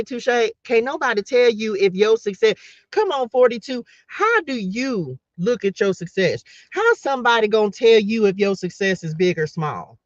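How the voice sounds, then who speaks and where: A woman with a medium-pitched voice hosts a spiritual live stream, speaking passionately, repeating her points and calling out to her listeners like a fervent preacher giving a pep talk. The recording is dry, dull and lo-fi.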